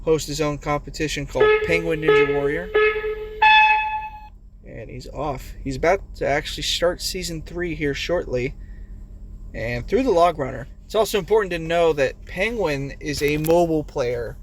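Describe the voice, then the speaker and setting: A man giving casual play-by-play commentary on a game competition, excitable and swearing, yelling when players fall. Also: on the high side, moderate pace, over music.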